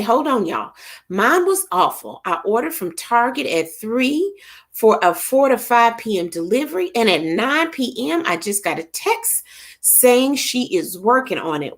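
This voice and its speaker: A middle-aged woman with a slightly high voice speaks at a measured pace while hosting a casual livestream. Lively and chatty, she greets viewers by name and uses Southern church expressions.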